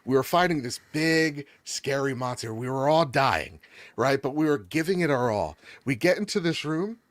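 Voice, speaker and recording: A man in casual chat, enthusiastic and jokey, rambling from one point to the next. His voice sits at an ordinary middle pitch. The recording is dry and close, with no room echo. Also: expressive, moderate pace. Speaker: gaming podcast co-host.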